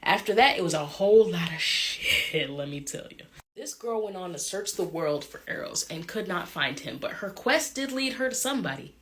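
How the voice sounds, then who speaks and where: A woman's voice: on the low side, animated, moderate pace, hardly any pauses, fairly bright tone. Woman storyteller, irreverent slangy myth recap, chatty. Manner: chatty, irreverent, joking asides. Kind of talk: casual myth retelling with slang.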